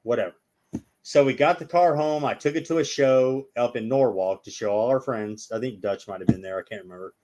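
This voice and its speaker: A man's voice: mid-range voice, fairly quick, darkish tone. A man with an ordinary mid-range voice spins long stories as a guest in a casual chat. He rambles from one detail to the next and acts out what each person said.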